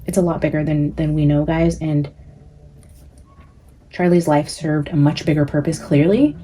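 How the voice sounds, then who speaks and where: The host of a psychic channel unloads on her audience with casual, profane commentary, saying "like" and "guys" constantly. Her warm voice sits low with fairly even intonation at a normal pace, and there's slight background noise.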